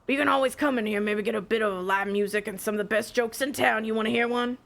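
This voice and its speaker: An actor voicing a friendly, joke-cracking male pub keeper in a game, with a gravelly voice. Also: mid-range voice, fairly even intonation, fast, fairly bright tone. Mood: jovial. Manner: jovial, cracking jokes. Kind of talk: game voice acting.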